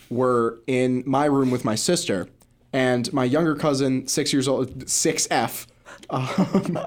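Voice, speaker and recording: A man's voice: mid-range voice, slight background noise. A young man co-hosting a casual podcast, telling a story with lots of laughter and little acted-out voices. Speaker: podcast co-host. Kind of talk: casual chat.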